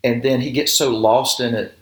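A man in his fifties hosts a relaxed conversation, recounting scenes and asking questions in a mid-range voice. His voice carries a roomy echo. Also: mid-range voice, moderate pace. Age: 50s. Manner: chatty, asks questions. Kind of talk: casual chat.

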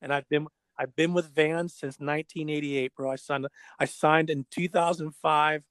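A middle-aged man, a former pro skateboarder, telling stories in casual chat, animated and repeating words as he goes. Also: fairly high pitch, moderate pace, clean tone, dry recording. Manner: animated, acts out quoted dialogue, repeats words.

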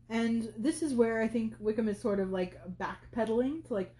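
A woman's voice: a little high, moderate pace, few pauses, warm tone, echoey room. A woman hosting a podcast, talking through a classic novel in casual commentary, thinking aloud with many fillers. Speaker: podcast host.

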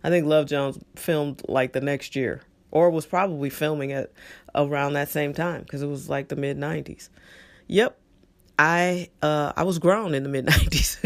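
Opinionated and relaxed, a middle-aged man talks alone on his own podcast, peppering his speech with fillers and asides. He speaks at normal speed in a voice on the high side, with fairly even intonation.

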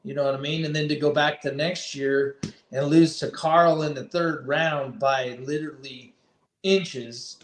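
Male guest, easygoing storyteller with a slightly high voice, echoey room sound. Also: fairly even intonation, unhurried, slight background noise. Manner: laid-back storytelling, swears freely. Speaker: racer guest. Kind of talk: casual podcast chat.

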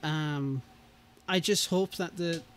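A man's voice: a little high, slow pace, fairly bright tone, slight background noise. A man hosting a casual livestream chat, rambling and hesitant, with frequent laughs. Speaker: streamer hosting a modding chat.

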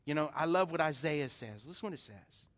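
A man's voice: a little high, animated, brisk, fairly bright tone. A middle-aged man preaching a sermon as pastor, telling stories with animation and putting questions to his congregation.

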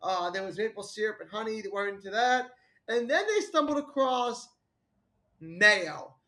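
A man's voice: high voice, expressive, pushed and bright. A young man co-hosting a podcast, telling crude stories in rambling casual chat, stumbling over restarts. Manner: rambling, halting restarts, laughs at own jokes. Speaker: podcast co-host.

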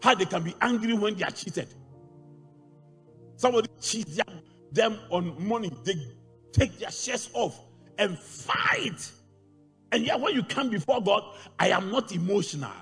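A man preaching a sermon to a congregation, animated and rising into shouts. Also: sits high, breathy edge. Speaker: pastor. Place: large church hall. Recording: church hall reverb with faint music.

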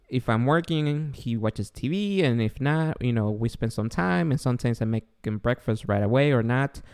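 A man's voice: medium pitch, darkish tone, clean tone. Joking man hosting a casual podcast. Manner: joking, curious, loose and profane. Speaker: podcast host.

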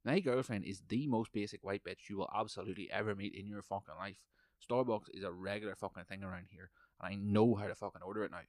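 A man's voice: fairly low pitch, quick pace, darkish tone, no echo, clean studio sound. A man, hosting a podcast and telling a heated, profanity-heavy story. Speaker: podcast host. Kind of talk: profane ranting monologue.

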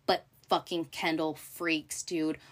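A woman hosting a casual recap, talking in an animated, profane way with many fillers and acted-out quotes. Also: deep voice, slow. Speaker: podcast host recapping a TV show. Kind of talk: casual chat.

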